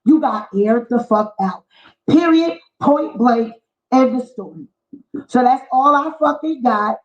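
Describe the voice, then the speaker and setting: A woman's voice: a little high, a little slow. A woman vlogger delivering a heated, mocking, profanity-filled commentary rant. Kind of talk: ranting commentary vlog. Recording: echoey, dull lo-fi room sound.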